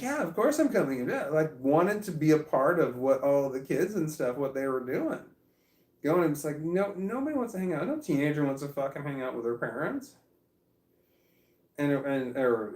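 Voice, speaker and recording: A man's voice: mid-range voice, darkish tone, recorded from a distance. Rambling, cursing man in an echoey room. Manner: rambling, profane, frequent restarts. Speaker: vlogger. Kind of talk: casual storytelling.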